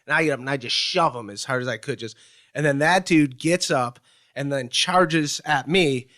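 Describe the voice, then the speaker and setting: A man from Cleveland, Ohio, answering interview questions, telling a story in halting bursts with many fillers. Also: mid-range voice, sharp tone.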